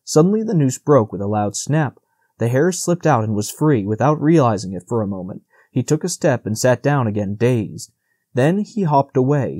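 A man narrates a classic storybook in a calm, measured way, his voice mellow and warm. The recording is dry and close with no room sound. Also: medium pitch, no echo. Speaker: audiobook narrator. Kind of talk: scripted narration.

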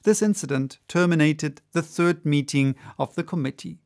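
A man narrating a classic novel as an audiobook in a steady, measured reading. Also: a little high. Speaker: audiobook reader.

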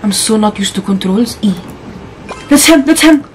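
A woman's voice: medium pitch, animated, normal speed, slight background noise, rough recording. A young woman playing a horror game, talking casually through it and shrieking when startled. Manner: jumpy, shrieks and exclaims when scared. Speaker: gaming YouTuber. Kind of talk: horror game let's play commentary.

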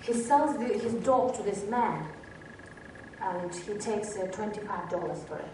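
A woman's voice: mid-range voice, lively intonation, unhurried, background noise. A woman presenter at a workshop, telling a motivational story with lots of restarts and acted-out quotes. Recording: very echoey hall, distant mic.

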